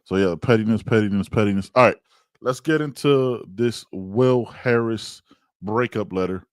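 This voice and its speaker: A man hosting a casual sports podcast over a video call, animated and playful, trash-talking as he reacts. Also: on the low side, moderate pace, no room sound. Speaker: podcast host.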